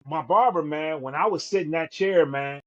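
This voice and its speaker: A man's voice: on the high side, normal speed. Emphatic man on dull lo-fi audio. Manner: emphatic, repeats words, says "man" often. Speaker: podcast co-host. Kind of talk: storytelling in conversation. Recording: dull lo-fi sound.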